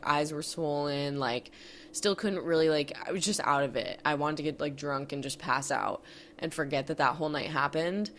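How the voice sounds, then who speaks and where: A young woman podcast host with a low voice candidly recounts a personal story from college, using many fillers and some swearing. A little hiss or hum is audible in the recording.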